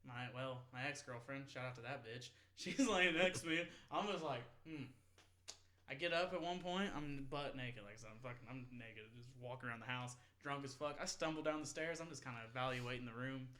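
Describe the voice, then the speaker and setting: A man's voice: medium pitch, brisk, pushed and bright. A man in his twenties telling a long party story in casual, rambling, profane chat, often laughing. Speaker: podcast host.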